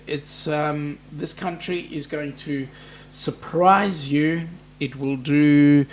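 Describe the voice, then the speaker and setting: Chatty Australian man, slightly high voice. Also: slight background noise. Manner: rambling, joking, chatty. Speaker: live stream host. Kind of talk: casual live stream chat.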